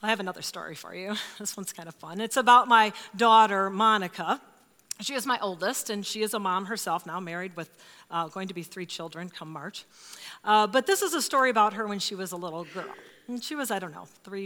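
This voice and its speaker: A woman in her fifties preaching a sermon in a church, expressive and emphatic, sometimes dropping to a hush. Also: medium pitch. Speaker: pastor. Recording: reverberant church hall.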